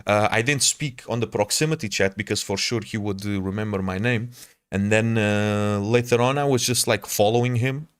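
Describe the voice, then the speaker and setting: A man with a low voice spins a rambling, profanity-laced story for his stream. He tells it in a casual, animated way. The sound is dry and close. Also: moderate pace, clear, resonant tone, dry recording. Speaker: game streamer.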